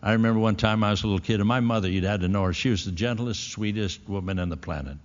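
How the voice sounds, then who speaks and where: Brief: low, husky male preacher, folksy sermon delivery, dull lo-fi church hall with long reverb. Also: quick pace. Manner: folksy storytelling, rising to emphatic. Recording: dull echoey hall recording.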